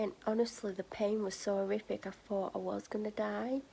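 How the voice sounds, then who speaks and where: A young adult woman vlogger, tired and drained, telling a personal story candidly to the camera, often dropping into soft whispers and sighs. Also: medium pitch, little pitch movement, normal speed, vocal fry, breathy edge, rough recording.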